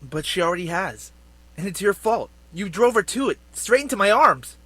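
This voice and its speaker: A man's voice: high-pitched, animated, bright, forceful tone, dry recording, exaggerated voice. An actor playing a smug young man who coldly taunts his former friend in a video game. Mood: taunting. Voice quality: cold, taunting, measured.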